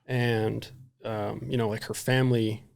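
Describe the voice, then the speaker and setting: A man's voice: lowish voice, little pitch movement, measured pace, gravelly, darkish tone, clear, resonant tone. A man, a psychiatrist and podcast guest, telling stories casually and animatedly, swearing freely and acting out the dialogue. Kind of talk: casual storytelling.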